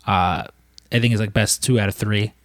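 A man's voice: on the low side, steady tone, normal speed, no echo, studio quality. A man casually recapping a film plot in a chat, with lots of fillers and restarts. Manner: rambling, many fillers and restarts.

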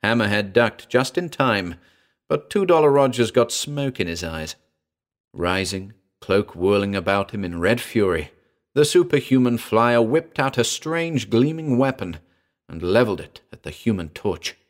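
Male audiobook narrator, low, wry first-person storyteller. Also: lively intonation, a little slow. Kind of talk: audiobook reading.

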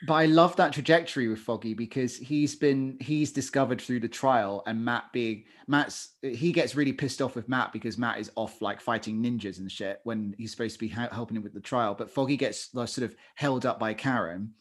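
Male podcast co-host, mid-pitched, chatty, restarts a lot. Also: brisk, few pauses. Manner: chatty, hedging with fillers and self-corrections. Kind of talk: casual chat.

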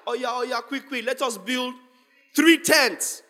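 A man voicing an impulsive, pleading male disciple in hushed, urgent tones within a sermon. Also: very high-pitched, measured pace, heavily acted. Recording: long hall reverb.

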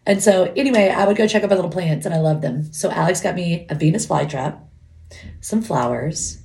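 This woman in her thirties runs a podcast from home, talking giggly and off the cuff into a microphone while wearing headphones. Her voice is fairly low, gravelly and warm, and she speaks briskly.

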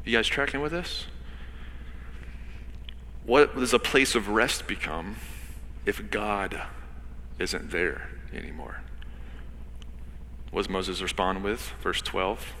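A man preaching a sermon as pastor, talking conversationally to the congregation and reading scripture dramatically, swinging between loud and hushed. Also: on the low side, slow, pauses often, long reverb tail, a little hiss or hum, poor audio.

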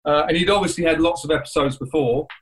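In a rough recording, a man with a fairly high voice appears as a guest, telling a painful story. His retelling rambles and halts, full of sentences he starts over.

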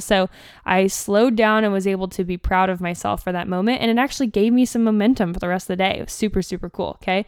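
A woman hosting her own podcast as a coach, talking casually in a chatty, upbeat way with slang and quick asides. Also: medium pitch, fairly even intonation, clean tone, no room sound, clean studio sound. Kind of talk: casual solo podcast talk.

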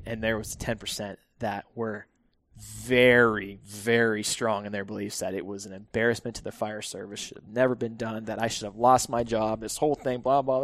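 A fairly low-pitched firefighter, heard in a dry recording, tells stories as a guest in an easygoing podcast conversation. He laughs a lot and often starts his sentences over.

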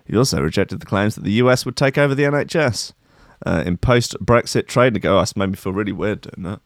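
A man's voice: fairly low pitch, fast talker, no room sound. A man hosting a show, reading news items aloud and breaking off for joking asides. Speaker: podcast host. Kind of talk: comedic news commentary.

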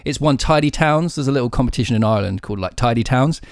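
A man's voice: medium pitch, animated, fast, dry recording, clean studio sound. A man in his twenties co-hosting a casual podcast chat, talking freely with lots of "like". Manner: chatty, uses "like" a lot. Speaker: podcast co-host, band drummer.

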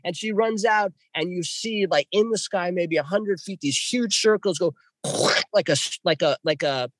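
A man guest telling a story in an excitable way, swinging between hushed and loud. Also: high voice, moderate pace, no room sound. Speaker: podcast guest. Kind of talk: animated storytelling.

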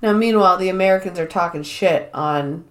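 A woman's voice: lowish voice, fairly quick. A young woman co-hosting a podcast, animatedly retelling a film's plot in casual chat and swearing freely. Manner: animated storytelling, heavy swearing. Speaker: podcast co-host. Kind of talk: casual chat recapping a film.

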